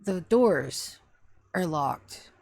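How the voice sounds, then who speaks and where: An ancient tree spirit speaks with slow, stately formality, as if weighing every word like an old butler, voiced by a woman in a tabletop game. The voice sits low and gravelly, and it stays soft and hushed. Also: lively intonation, no echo, full character voice. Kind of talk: tabletop game role-play.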